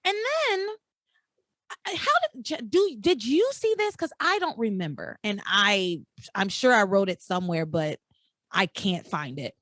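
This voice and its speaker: A woman's voice: mid-range voice, sing-song, unhurried, fairly bright tone, dry recording. A woman hosting a casual podcast, recapping a soap opera with incredulous, exaggerated outrage. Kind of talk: casual chat.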